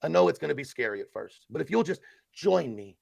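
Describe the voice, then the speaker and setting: Gravelly, mock-solemn male streamer. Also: fairly high pitch, big pitch swings, brisk, a little mellow, no echo. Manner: theatrical, sarcastic, mock-solemn. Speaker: live stream host. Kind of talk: mock support-group speech, then casual live chat.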